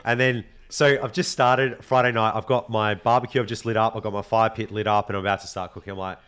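Animated Australian man telling stories. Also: lowish voice, quick pace, smooth. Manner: animated storyteller, swears freely. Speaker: podcast co-host. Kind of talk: casual chat.

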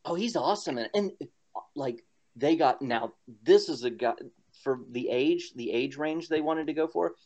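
A podcast co-host with a slightly high voice and darkish tone chats at a moderate pace. He rambles casually, using lots of fillers and laughing often, and the lo-fi podcast audio is dull.

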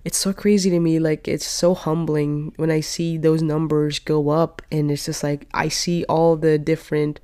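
Chatty young woman, smooth clear voice. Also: deep voice, flat delivery, normal speed, few pauses, mellow. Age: 20s. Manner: rambling and chatty, frequent "like" and "you know". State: still a little sick. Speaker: podcast host. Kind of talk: casual solo podcast chat. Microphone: podcast microphone.

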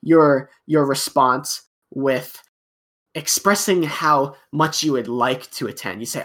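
A man's voice: mid-range voice, takes it slowly, a bit bright. An American man, a podcast guest, talking casually and explaining things, acting out small everyday dialogues with plenty of fillers. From United States. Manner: explanatory, acts out little dialogues, many fillers. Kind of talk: casual chat.

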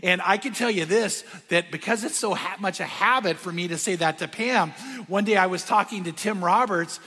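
Man, pastor, sermon, energetic then hushed, long reverb, high voice. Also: normal speed, slightly rough. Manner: energetic, conversational preaching with sudden drops to a hush.

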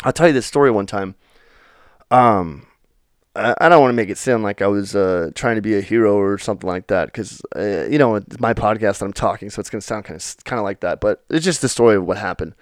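A man's voice: fairly low pitch, fast, dry recording, clean studio sound. A young man hosting a podcast, telling stories off the cuff in a rambling, profane way with lots of fillers. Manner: rambling and profane, full of "you know" fillers. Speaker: podcast host. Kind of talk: unrehearsed storytelling monologue.

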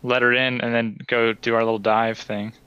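A man's voice: medium pitch, little pitch movement, normal speed, bright, forceful tone, clear, resonant tone, highs cut off. A man playing in a tabletop game, laid-back and dry in casual chat. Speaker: player.

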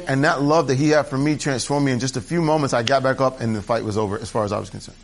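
A man's voice: medium pitch, steady tone, fast, hardly any pauses. A man preaching a conversational sermon to his church, candid and chatty, drifting into asides and restarting his sentences. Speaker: pastor. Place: church service.

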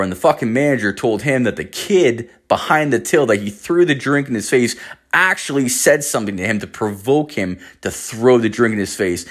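A man telling a story casually, swearing freely and adding dry, deadpan asides. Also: lowish voice.

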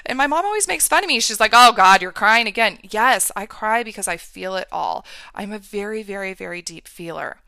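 A woman in her thirties speaks as a mindset coach in an earnest, encouraging talk, tagging her points with "right?". Her voice is bright and smooth, recorded close and dry with no room sound. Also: medium pitch, animated, fairly quick, no room sound. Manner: earnest, repeats "right?" often. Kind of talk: motivational talk to listeners.

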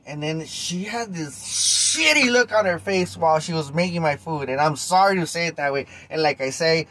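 A man, hosting a podcast and telling a story straight to his listeners in a loose, animated way with casual swearing. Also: fairly high pitch, moderate pace, a little hiss or hum. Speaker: podcast host.

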